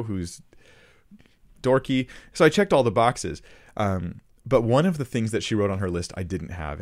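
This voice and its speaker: Guy with a lowish voice breaking down clips, earnest, lots of rhetorical questions. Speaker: Christian commentator. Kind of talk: casual commentary on played clips.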